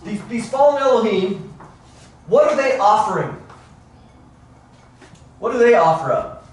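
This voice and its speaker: A middle-aged man teaching a Bible class in a church, animated, acting out quotes in lively voices. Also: sits high, a little slow. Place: church room. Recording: roomy echo, mic at a distance, faint noise.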